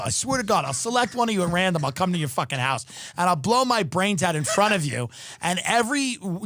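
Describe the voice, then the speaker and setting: A man ranting as a comedian and podcast host, loud and mocking, with exaggerated outrage. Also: high voice, dry recording, studio quality. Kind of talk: comedic rant.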